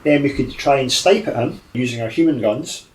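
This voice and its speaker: A man playing a tabletop role-playing game, with a mid-pitched voice. He lays out plans thoughtfully and describes his character's actions. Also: a little fast, reverberant. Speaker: player. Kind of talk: tabletop game play and narration.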